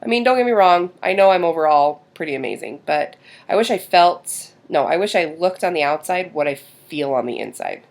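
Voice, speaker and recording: A mother in her thirties vlogs confessionally while doing her makeup, rambling, hesitant and self-doubting, with sighs and fillers. Her voice is low-pitched, animated and fairly quick.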